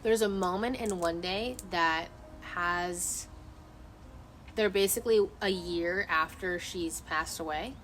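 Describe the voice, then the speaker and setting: A woman's voice: lowish voice, slow, a bit bright. A woman streaming outdoors at night, chatting casually with her viewers. She rambles, gets emotive and swears freely. There is a faint hiss of outdoor ambience behind her. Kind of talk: casual chat. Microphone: phone camera.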